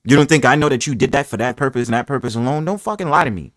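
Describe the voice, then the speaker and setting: A man hosting a casual live-stream panel chat, talking in a brash, profane, animated way full of boastful trash talk. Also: medium pitch, very fast, no echo. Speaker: livestream panel host.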